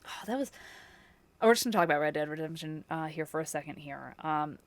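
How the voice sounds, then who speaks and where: A woman streamer with a slightly low voice talks loosely to her audience, gushing and rambling with plenty of ums and laughs. Her voice sits close and dry on the mic, with no room sound around it. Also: animated, brisk, dry recording. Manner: chatty and effusive, with filler words and frequent laughs. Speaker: livestreamer. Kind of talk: casual chat with viewers.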